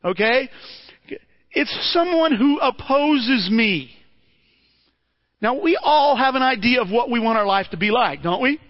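A man's voice: very high-pitched, lively intonation, a little slow, long pauses, lo-fi sound. A man preaching a sermon in a conversational way, asking his listeners rhetorical questions and often repeating words as he restarts.

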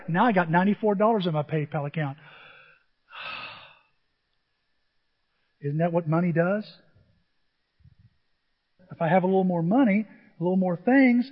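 High-voiced pastor in an echoing hall. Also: male voice, highs cut off. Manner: animated storytelling, acting out dialogue. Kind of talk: sermon.

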